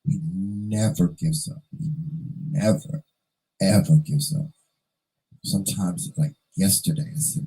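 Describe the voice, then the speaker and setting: A man's voice: sits low, slow, vocal fry, warm tone, breathy edge, poor audio. A man vlogger telling a personal story in an earnest, emotional way, fighting back tears and repeating phrases for emphasis.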